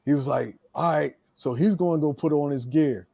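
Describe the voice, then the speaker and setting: Veteran wrestler guy telling road stories, lively, acts out every quote, dry close mic. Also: a little high, moderate pace, vocal fry, no room sound. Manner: animated storyteller, acts out quotes. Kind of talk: casual storytelling chat.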